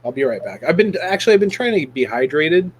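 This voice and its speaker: A man's voice: on the high side, big pitch swings, quick pace, slight background noise. A man co-hosting a podcast who has a cold, chatting casually with joking reactions. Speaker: podcast co-host. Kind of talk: casual chat.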